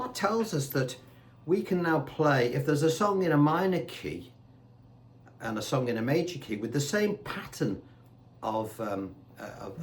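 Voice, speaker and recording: A man's voice: a little high, a little hiss or hum. A man giving a casual guitar lesson, talking in a chatty way and asking rhetorical questions. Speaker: guitar teacher. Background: faint guitar and backing tracks.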